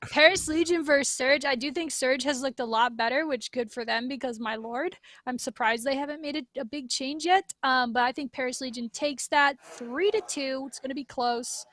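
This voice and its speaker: Chatty high-voiced woman host. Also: a bit bright, no room sound. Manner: upbeat, chatty, quick asides. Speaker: podcast host. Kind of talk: casual podcast chat.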